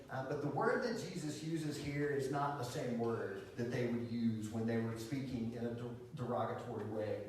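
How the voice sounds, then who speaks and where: Male pastor, mid pitch, conversational sermon with fillers; distant mic, big echoey hall. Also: slight background noise. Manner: conversational, animated preaching with many fillers and restarts.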